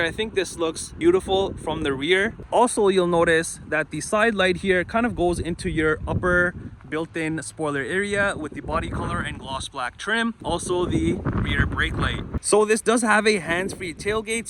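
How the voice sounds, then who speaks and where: A man's voice: sits high, background noise. A man giving a casual, enthusiastic walkaround of a car, talking conversationally as he points out details outdoors and inside the vehicle. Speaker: car reviewer. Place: outdoors around a parked car, then inside it.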